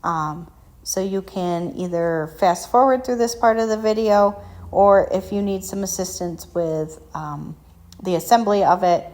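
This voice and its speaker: A woman's voice: on the low side, darkish tone. A woman hosting a painting and crafting tutorial, talking casually and self-deprecatingly with frequent ums. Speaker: craft shop tutorial host.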